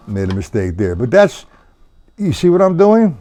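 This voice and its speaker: A man's voice: medium pitch, very animated, brisk, loud music behind the voice. A man teaching a drum lesson on a live stream, counting beats aloud as he plays and talking loosely to his viewers. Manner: loose, swears at own mistakes. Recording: faint drum kit in the room. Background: drums.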